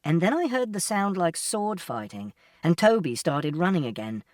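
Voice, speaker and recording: A man narrates an audiobook in the first person as a teenage boy, with a literal, detailed, matter-of-fact delivery. His pitch moves lively up and down. The recording is dry and a little distant from the mic. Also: normal speed, no echo.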